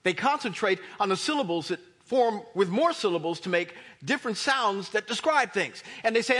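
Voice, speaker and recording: A man preaching a sermon as a pastor, animated and emphatic, with a slightly husky voice. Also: sits high, moderate pace, hardly any pauses. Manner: animated preaching, rising to near shouts for emphasis.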